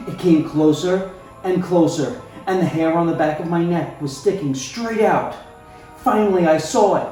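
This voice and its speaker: A man reading a storybook aloud in an expressive, playful way, talking to the listener now and then. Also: on the high side. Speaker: storybook reader. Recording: very echoey room, faint music.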